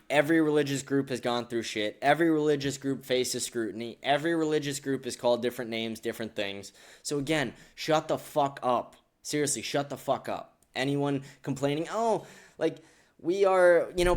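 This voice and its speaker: A man hosting a political podcast, ranting angrily with heavy profanity and repeated outbursts. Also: medium pitch. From United States. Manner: profane, repetitive, shouting bursts. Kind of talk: angry ranting commentary.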